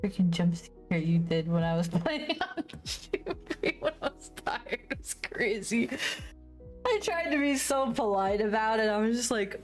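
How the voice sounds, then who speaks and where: A woman's voice: mid-range voice, expressive, unhurried, faint music behind. A woman streamer chatting casually while she draws, laughing often at her own stories. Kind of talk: casual chat while drawing. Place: home desk.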